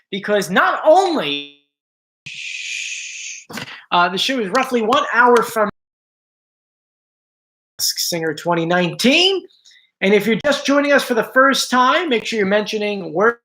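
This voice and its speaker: A man's voice: sits high, pushed and bright. Male stream host, casual and talkative, reads out viewer names, slightly strained voice, home setup. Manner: chatty, greets viewers by name. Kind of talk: casual live-stream chat.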